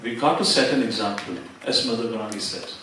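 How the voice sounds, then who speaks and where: A man's voice: on the low side, fast talker, sharp tone, a little hiss or hum. A man presenting a religious seminar, explaining step by step, quoting scripture and using fillers. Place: temple seminar hall. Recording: very echoey hall, distant mic.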